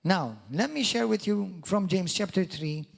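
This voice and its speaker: Male pastor, middle-aged, high-pitched and emphatic, preaching with humor. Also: expressive, a little slow, gravelly. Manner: emphatic preaching with wide swings in loudness and pitch; jokey asides and mock quotes of doubters. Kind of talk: sermon.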